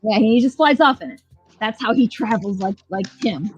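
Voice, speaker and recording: A woman's voice: mid-range voice, normal speed, a little mellow, husky, lo-fi sound, soft background music. A woman co-hosting a podcast, recapping a show in casual, blunt, profane, joking chat. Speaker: podcast co-host.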